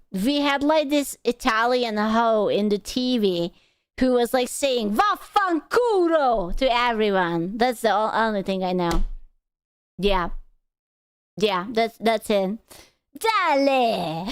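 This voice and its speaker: Brief: streamer woman, crisp and dry, crude teasing banter. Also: fairly high pitch, dry recording. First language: Hungarian. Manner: crude, teasing, swears freely. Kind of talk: casual stream chat.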